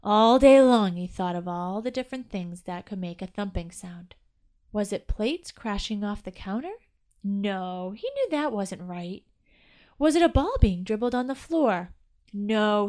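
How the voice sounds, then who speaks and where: A woman's voice: mid-range voice, a little mellow. A woman narrating a children's Christmas story aloud.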